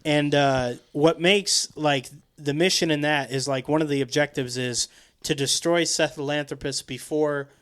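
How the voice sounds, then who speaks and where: A man co-hosting a casual podcast chat, rambling and halting with fillers and swearing. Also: fairly high pitch, fairly bright tone, smooth. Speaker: podcast co-host.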